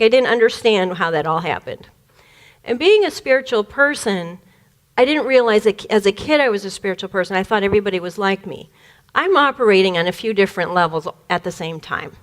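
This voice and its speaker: A woman with a fairly high voice tells a story from her childhood. She speaks in an animated way, laughs easily and slips into the voices of the people in her tale. She is from the Detroit area and speaks as a spiritual speaker. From Detroit area, USA. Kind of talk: personal storytelling talk.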